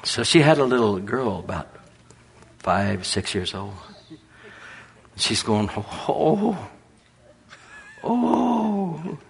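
A man preaching a sermon in a folksy, storytelling way with a husky voice. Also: on the low side, takes it slowly, pauses often, a bit bright.

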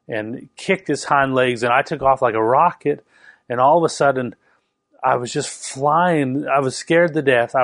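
A man who grew up in Canada preaches in a relaxed, conversational way, slipping personal stories into his teaching. His voice sits in a middle register, and the recording is dry and close, with no room sound. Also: medium pitch, dry recording. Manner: storytelling, animated retelling, conversational asides. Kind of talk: sermon with personal story.

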